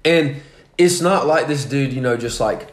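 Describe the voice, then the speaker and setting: A man's voice: medium pitch, a little slow. A young man hosting a podcast, telling a story in profane, casual chat and laughing often. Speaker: podcast host. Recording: echoey room.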